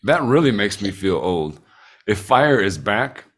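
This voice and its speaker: A middle-aged man hosts a loose podcast conversation in a fairly low voice. He asks relaxed, curious questions and drops casual swear words. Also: a little slow. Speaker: podcast host.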